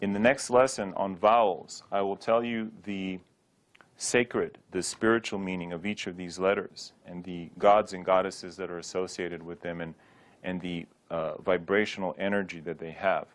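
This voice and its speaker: A man teaching a Sanskrit pronunciation lesson, drilling each word slowly and repeating it for listeners to copy, with light joking asides. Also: sits low, fairly even intonation. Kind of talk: slow spoken pronunciation lesson.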